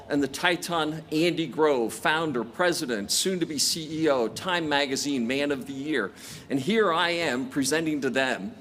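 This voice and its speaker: A man's voice: fairly high pitch, fairly bright tone, a little hiss or hum. Older man giving a commencement address. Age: 60s. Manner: storytelling with self-deprecating jokes. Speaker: commencement speaker. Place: large outdoor graduation ceremony.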